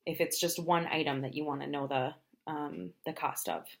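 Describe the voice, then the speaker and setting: A woman teaching travel phrases in a language lesson, explaining each phrase and then saying it slowly, often twice. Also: sits low, steady tone. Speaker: Spanish teacher.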